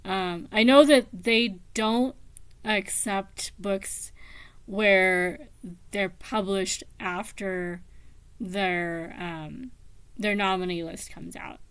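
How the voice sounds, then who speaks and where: Woman book vlogger, unhurried, rambling, dry close sound. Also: mid-range voice, steady tone, clear, resonant tone, dry recording. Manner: slow, meandering, many ums. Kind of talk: casual book chat.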